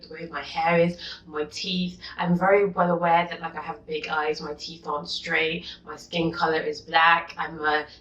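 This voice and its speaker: A young woman vlogging a rant, exasperated and indignant, going from low muttering to loud outbursts. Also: little pitch movement, moderate pace, hardly any pauses. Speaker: YouTuber. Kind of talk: vlog rant reading comments. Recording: dull echoey room, mic at a distance.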